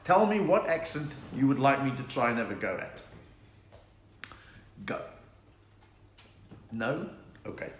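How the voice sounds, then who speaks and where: Unhurried and sing-song, with frequent pauses, a medium-pitched South African comedian chats and jokes on a live stream from his lockdown home. He takes viewers' requests, and the recording has echo and faint noise.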